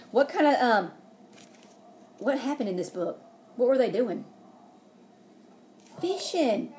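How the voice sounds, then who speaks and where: A woman's voice: on the high side, a little mellow, a little hiss or hum. A woman preschool teacher, reading a picture book aloud and asking the children questions.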